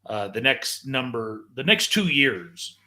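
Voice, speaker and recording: Man, bright edgy tone, dry teasing humor, casual live-show chat. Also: medium pitch, expressive, takes it slowly. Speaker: podcast co-host.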